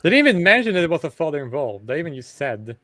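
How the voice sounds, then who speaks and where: A man's voice: on the high side, sing-song, fast talker, fairly bright tone. A man with a somewhat raised voice co-hosts a casual podcast, eagerly cutting in with his own points. He stumbles over repeated words as he talks. The sound is dry and close, with no room echo.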